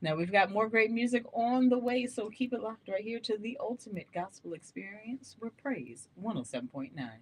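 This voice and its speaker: A woman hosting a gospel radio show, live-streamed to her listeners. Her talk is animated, candid and chatty. She laughs often between thoughts. Her voice sits at an ordinary middle pitch for a woman. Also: moderate pace, few pauses, noisy background.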